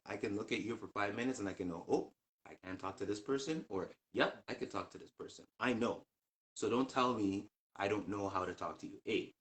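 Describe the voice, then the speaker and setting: Man, casual chat. Animated storyteller who acts out old conversations, lowish voice. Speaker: co-host.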